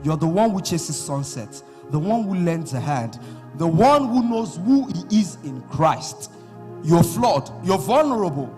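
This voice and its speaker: A man with a Nigerian accent performing dramatic, rhythmic spoken word poetry at a conference, with long pauses between phrases. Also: fairly high pitch, a little mellow. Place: large conference hall. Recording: hall reverb with music bed.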